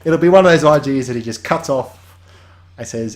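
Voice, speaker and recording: A man's voice: mid-range voice, normal speed. Rambling casual male game developer. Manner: rambling, tangential, many restarts. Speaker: game developer hosting a weekly update.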